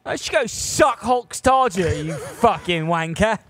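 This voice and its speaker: A man putting on a British accent to play a crude, lewd bloke who talks in a loud, vulgar, swaggering way. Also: sits high, expressive, unhurried. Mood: crude bravado.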